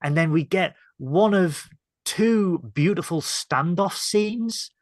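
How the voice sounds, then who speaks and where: A man's voice: high-pitched, slow pace, no echo, studio quality. A man from northern England co-hosting a casual TV review chat, recapping scenes in a hesitant way with many ums and self-corrections. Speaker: podcast co-host.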